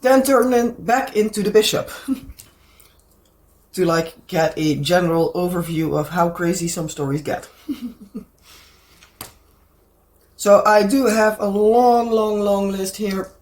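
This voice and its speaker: A woman hosts a relaxed, meandering craft chat for her crafting channel, her Dutch-accented voice hoarse with a cold. It sits in the mid-range with a darkish tone, and she pauses now and then while reaching for the right words.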